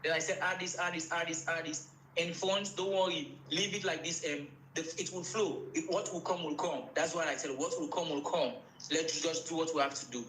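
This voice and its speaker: A man's voice: a little high, steady tone, fairly quick, a bit bright, echoey room, slight background noise, low-quality recording. A man with a Sierra Leonean accent, a musician talking casually in an interview, repeating phrases and mixing in Krio words. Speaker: musician guest.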